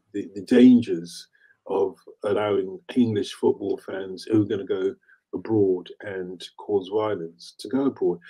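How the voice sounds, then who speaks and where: Mellow-voiced man telling lively stories. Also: fairly low pitch. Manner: animated storyteller, laughs easily. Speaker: host. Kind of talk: casual chat.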